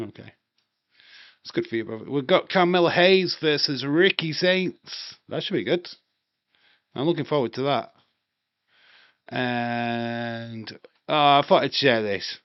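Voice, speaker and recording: A man's voice: medium pitch, vocal fry, no room sound. A man chatting casually and rambling on a live wrestling watch-along stream, swearing now and then. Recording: dry, slightly dull home mic.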